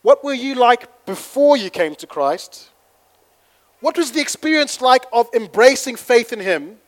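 A man preaching to his congregation, playful and chatty, then building to fervent shouting. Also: very high-pitched, lively intonation, measured pace. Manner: playful, leads the congregation in call-and-response. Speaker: pastor. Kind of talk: sermon.

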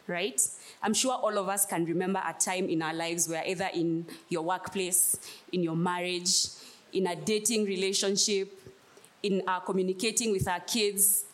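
A woman delivers a sermon, weaving in a personal story. She speaks emphatically and comes back to her key phrases again and again. Her voice sits at an everyday middle pitch. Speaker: preacher.

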